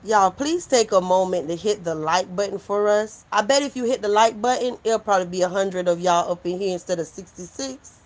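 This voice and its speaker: A woman's voice: mid-range voice, brisk. A woman hosting a casual livestream, talking bluntly and with lots of swearing. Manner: blunt, animated, profane. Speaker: livestream host.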